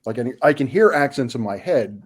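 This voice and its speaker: A man's voice: medium pitch, expressive, a little fast, breathy edge. A man from the United States chatting casually as a stream guest, hesitant, with stammering restarts. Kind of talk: casual chat.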